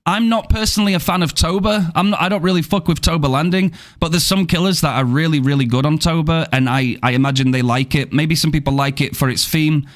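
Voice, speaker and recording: A man's voice: fairly high pitch, quick pace, few pauses. A young British man streaming a horror game, chatting playfully with viewers and swearing freely. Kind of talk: casual live-stream chat with viewers.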